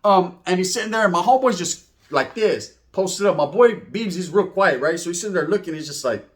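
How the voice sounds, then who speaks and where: A man from Merced telling a story in casual talk, slangy and animated, acting out the people in it. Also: high voice, brisk. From Merced, California. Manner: slangy, animated, acts out quotes in voices.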